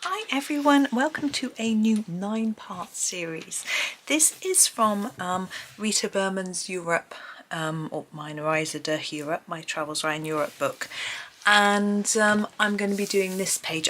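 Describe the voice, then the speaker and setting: A woman hosting a casual colouring tutorial at home, chatting and thinking aloud as she works, with frequent pauses and hesitations. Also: mid-range voice, fairly bright tone. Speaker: colouring channel host. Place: home, at a desk with a tripod camera. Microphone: camera on a tripod.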